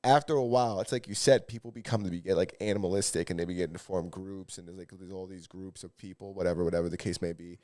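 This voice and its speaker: A man's voice: sits low, steady tone, fast talker, few pauses, darkish tone. Rambling man telling a story on a podcast. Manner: rambling storyteller, swears freely. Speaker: podcast co-host. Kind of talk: casual chat.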